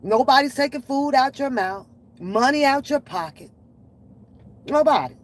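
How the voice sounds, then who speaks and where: A woman's voice: sits high, animated, a little slow, poor audio. A woman hosting a reaction channel, ranting in blunt, profane, exasperated commentary. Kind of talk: unscripted commentary rant. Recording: faint background noise.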